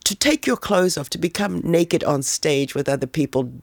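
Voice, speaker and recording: A woman's voice: low voice, moderate pace, dry recording. An older woman from New York, telling her own stories in an interview and acting out the voices in them. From New York, USA. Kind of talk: storytelling interview.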